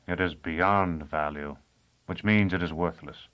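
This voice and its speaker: A man's voice: deep voice, unhurried, fairly bright tone, highs cut off. A man voicing a guarded, calculating conspirator.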